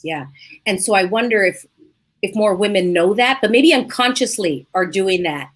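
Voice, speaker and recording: A woman hosting a podcast in casual conversation, animated and acting out her own past inner thoughts as she talks. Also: mid-range voice, normal speed. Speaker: podcast host.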